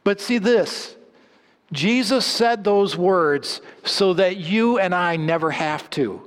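A man delivers a sermon in a slightly high voice, pressing hard on key lines and then sinking to low, hushed endings. His voice rings out with a long hall reverb, as in a church sanctuary. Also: expressive, slow. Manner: dramatic swings between loud emphatic lines and low hushed endings. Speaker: preacher.

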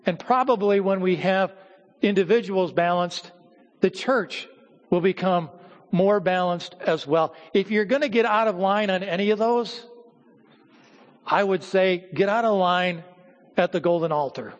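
In this muffled recording, a high-voiced male pastor teaches from the pulpit, pausing and repeating words in measured phrases as he explains. The church hall lends his voice a long, ringing reverb.

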